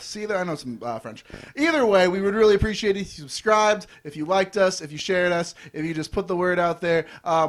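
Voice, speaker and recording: High-voiced host playfully signing off. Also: male voice. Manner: playful, fumbles mock French. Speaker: show host. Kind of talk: casual show sign-off.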